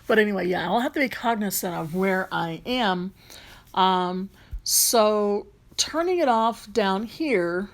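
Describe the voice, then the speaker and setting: Woman with a light Southern accent. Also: on the low side. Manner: rambling, with frequent ums and restarts. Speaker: vlogger and rideshare driver. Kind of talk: casual tutorial talk.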